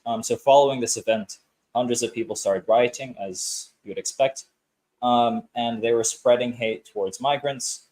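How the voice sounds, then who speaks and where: A man in an ordinary middle register walks through a news story on a casual podcast. He is careful and hesitant, filling pauses with ums. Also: mid-range voice, fairly even intonation, darkish tone, rough recording. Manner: measured, hesitant, many ums. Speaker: podcast co-host presenting a story.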